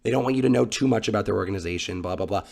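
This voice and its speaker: Podcast dude with a gravelly fry in his voice, rambly and excited. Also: fairly low pitch, racing. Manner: enthusiastic, rambling agreement. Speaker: podcast co-host. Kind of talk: casual chat.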